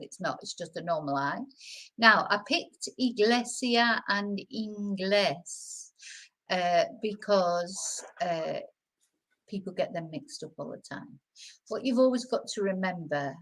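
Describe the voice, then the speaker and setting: A woman teaching Spanish pronunciation in a casual live lesson. She chats loosely, restarts sentences and slows right down on the example words. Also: medium pitch, a bit bright, poor audio. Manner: chatty, restarts often, stretches out example words slowly.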